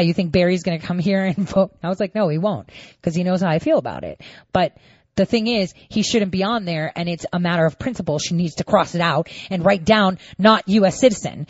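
A woman telling viewers a story in a casual monologue, indignant and animated, acting out both sides of each exchange. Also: fairly low pitch, no room sound, highs cut off. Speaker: storyteller recounting a voting dispute.

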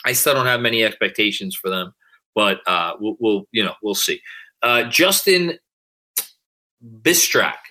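A man hosting a podcast, reading out listener comments in a rambling, animated way and swearing freely. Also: on the low side, measured pace, long pauses. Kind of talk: casual chat.

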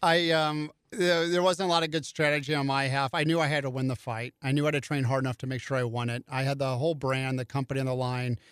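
A man's voice: medium pitch, little pitch movement, quick pace, few pauses, a bit bright, clean tone, no echo. A middle-aged man telling a story in a casual chat, and he acts out other people's lines in raised voices. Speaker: podcast guest.

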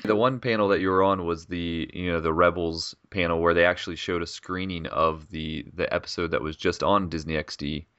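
A man's voice: low voice, fairly even intonation, a little fast, hardly any pauses, a bit bright, clear, resonant tone, dry recording. A man interviewing a guest in casual style, offering eager praise in the manner of a fan. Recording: dull, muffled line.

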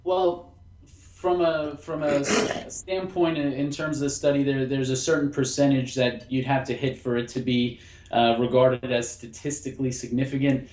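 A man's voice: medium pitch, flat delivery, moderate pace, darkish tone, slight background noise. Hesitant male researcher in a roomy space. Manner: hesitant, with restarts and fillers. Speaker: guest researcher. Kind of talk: casual interview chat. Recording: roomy echo.

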